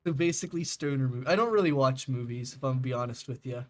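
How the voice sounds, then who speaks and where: A man's voice: medium pitch, quick pace. A young man streaming a game, chatting casually with viewers, rambling and laughing, swearing freely.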